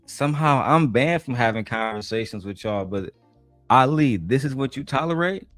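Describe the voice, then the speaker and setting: A man's voice: mid-range voice, animated, moderate pace, a bit bright, no echo, faint music behind. A man hosting a reaction video, giving mocking, slangy commentary on a debate clip.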